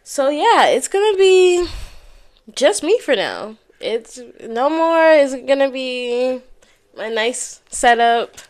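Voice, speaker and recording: A woman's voice: sits high, big pitch swings, slow pace. Candid young woman talking solo. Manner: candid, swears freely, says y'all a lot. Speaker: podcast host. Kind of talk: casual solo talk to camera. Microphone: headphones and microphone.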